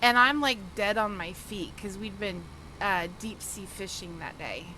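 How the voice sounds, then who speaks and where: A woman's voice: medium pitch, a little slow, pushed and bright, a little hiss or hum, poor audio. A woman livestreamer chatting casually with viewers while gaming, telling stories and laughing often.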